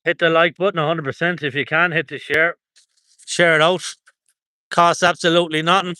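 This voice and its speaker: A man's voice: a little high, flat delivery, normal speed, sharp tone, no echo. An Irish man chatting casually on a livestream from an outdoor protest, reading out viewer comments, rambling and chuckling often.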